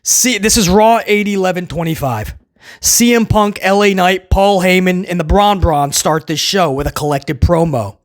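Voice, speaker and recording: A man's voice: high-pitched, moderate pace. A man hosting a casual wrestling review, talking sarcastically and rambling with stammered restarts. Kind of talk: casual video review rant.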